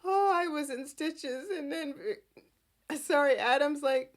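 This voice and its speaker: A woman hosting a podcast and recapping a soap opera in casual, animated chat with frequent giggles. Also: high-pitched, takes it slowly. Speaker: podcast host.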